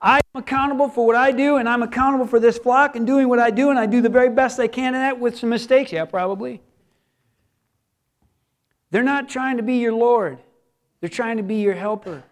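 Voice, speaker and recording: A man's voice: extremely high pitch, normal speed, pauses often. A man who is a pastor, preaching a sermon earnestly and repeating words for emphasis.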